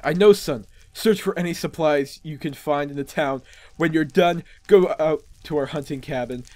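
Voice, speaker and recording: A man reads as a weary parent urging his son on, earnest and plain, in a fairly high male voice. The sound is dry and close. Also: normal speed, a little mellow, no room sound, lightly acted. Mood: urgent. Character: weary grieving parent in a village.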